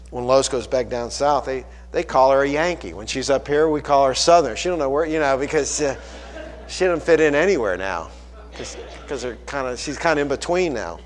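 A man's voice: on the high side, in a large hall. A man from Pittsburgh, a pastor preaching a folksy sermon full of rhetorical questions.

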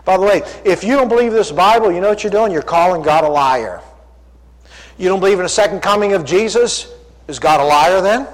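A man's voice: sits high, animated, brisk. A man preaching a sermon, emphatic and full of rhetorical questions, in a church sanctuary. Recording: long hall reverb.

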